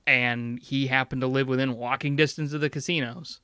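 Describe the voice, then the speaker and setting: A man's voice: medium pitch, steady tone, a little fast, bright, forceful tone, clean tone, dry recording, studio quality. A man chatting casually on a podcast in a laid-back, rambling way, swearing now and then. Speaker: podcast co-host. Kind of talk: casual chat.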